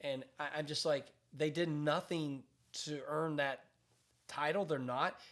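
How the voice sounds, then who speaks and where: A man's voice: on the high side, steady tone, measured pace, fairly bright tone. A man speaking as a pastor, giving emphatic commentary on current events with repeated phrases and frequent restarts.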